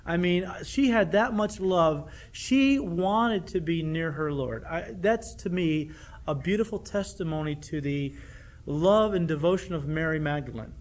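High-voiced earnest male preacher. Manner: earnest, with many rhetorical questions. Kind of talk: sermon.

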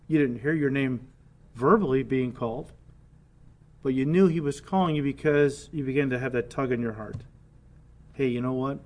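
A man preaching a sermon with earnest conviction, dropping to soft, low asides between emphatic points. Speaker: pastor.

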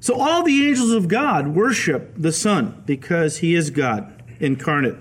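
High-voiced pastor teaching the Bible. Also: male voice, unhurried, slightly rough. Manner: animated storytelling, acts out quoted voices. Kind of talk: radio Bible teaching sermon.

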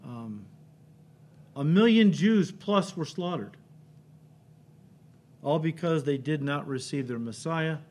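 High-voiced emphatic male pastor preaching. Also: lively intonation, slow, pauses often. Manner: emphatic, builds to loud cries then drops low, frequent "right?" checks. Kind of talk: sermon.

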